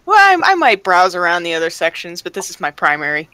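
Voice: mid-range voice, huge pitch swings, quick pace, bright, forceful tone. A player in a tabletop game, joking and hesitant.

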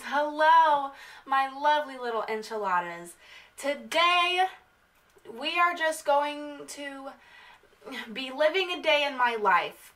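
A woman's voice: high-pitched, pushed and bright, distant mic. A young woman vlogging in a casual, rambling, giggly way. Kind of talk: casual vlog chat.

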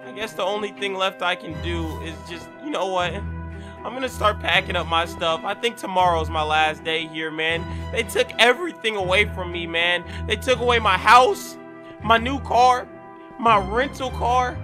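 A young man hosting a game role-play, talking in an excitable, slangy way with loud reactions. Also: sits high. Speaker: gaming channel host. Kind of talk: Minecraft role-play commentary. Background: background music.

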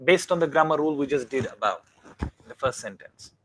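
A man teaching a classroom grammar lesson, often stopping to ask the students whether it is clear. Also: on the high side, animated, a little fast. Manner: keeps checking understanding with questions.

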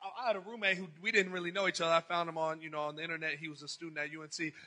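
A male pastor preaching a storytelling sermon, animated and acting out conversations, breaking into shouts. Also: fairly high pitch, very fast, poor audio.

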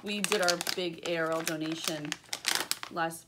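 A woman's voice: low voice, steady tone, measured pace. Chatty woman reviewing products, noisy room. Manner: chatty, upbeat, many ums. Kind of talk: casual unboxing chat. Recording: audible background noise.

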